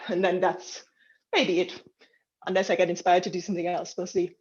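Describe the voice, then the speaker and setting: A woman's voice: lowish voice, little pitch movement, fairly quick, pauses often, darkish tone, muffled recording. Breathless woman leading a dance class. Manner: counting and cueing moves, encouraging. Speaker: dance instructor. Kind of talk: leading an online dance warm-up. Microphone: video call.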